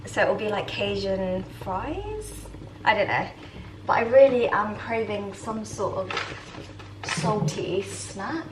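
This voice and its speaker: A woman chatting casually to the camera in a home vlog, rambling and soft-spoken. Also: medium pitch, animated, takes it slowly, background noise. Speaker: vlogger. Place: home interior.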